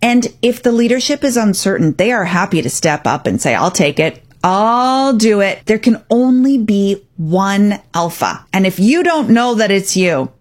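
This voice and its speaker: A woman's voice: mid-range voice, expressive, moderate pace, few pauses, darkish tone. Firm woman radio host. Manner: firm, coaching, acts out parent and child quotes. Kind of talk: parenting advice talk.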